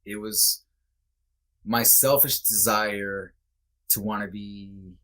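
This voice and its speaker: A man's voice: lowish voice, flat delivery, bright, forceful tone. A man guesting on a podcast, speaking candidly and reflectively with many restarts. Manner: earnest, halting, reflective with restarts. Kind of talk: candid conversation.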